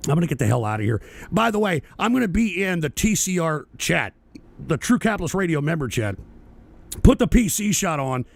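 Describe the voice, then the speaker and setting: A man with a very high voice and a gravelly edge rants angrily as host of his own talk show. He swears constantly, and his delivery swings between a low grumble and outright shouting. The sound is close and dry, with no room around it. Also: no room sound. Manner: profane, ranting, often shouting. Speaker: podcast host. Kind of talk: angry political rant on a talk show.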